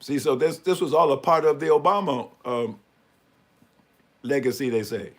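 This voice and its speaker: A man's voice: medium pitch, normal speed. A man giving sarcastic, mocking commentary on a live stream and asking for the next image as he talks through slides. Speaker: speaker commenting on news images.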